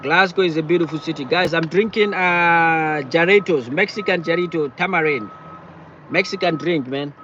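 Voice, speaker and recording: A man chatting casually on a live stream from his car, talking in halting bursts and repeating himself as he answers viewers. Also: a little high, pushed and bright, highs cut off, a little hiss or hum. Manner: halting, repeats words and phrases often. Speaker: livestreamer reading viewer chat. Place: in or beside a parked car.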